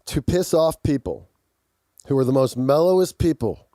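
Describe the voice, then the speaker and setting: A man's voice: mid-range voice, moderate pace, no echo, clean studio sound. A man co-hosting a podcast in casual chat, with an intense, aggressive-sounding way of talking and frequent laughs. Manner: animated storytelling, laughs often. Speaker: podcast co-host.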